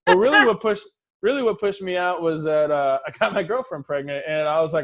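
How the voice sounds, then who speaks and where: A man's voice: on the high side, brisk, fairly bright tone. A man in his thirties doing a stand-up set over a video call, telling casual, profane stories and acting out the voices of the people in them. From Los Angeles. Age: 30s. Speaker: stand-up comedian.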